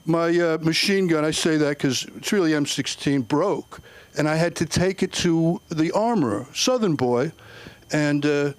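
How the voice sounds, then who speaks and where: Stand-up man with a higher voice. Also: normal speed, dry recording. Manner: deadpan jokes, acted quotes in voices. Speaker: stand-up comic. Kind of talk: open mic stand-up. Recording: comedy club, audience laughter.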